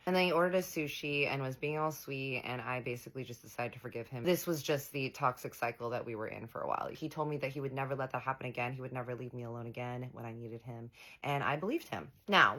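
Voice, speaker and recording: A young woman rattles through a personal storytime at a quick clip. Her voice sits low for a woman. She acts out the back-and-forth of quoted dialogue, full of slang and the odd swear. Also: fairly bright tone. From United States. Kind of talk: casual storytime monologue.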